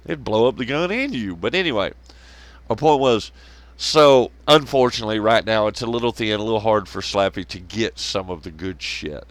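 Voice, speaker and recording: Brief: man, profane solo commentary, lively swooping pitch, dry close sound. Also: moderate pace, no echo. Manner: rambling, swears a lot, laughs at his own jokes, mocking voices. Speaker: podcast host.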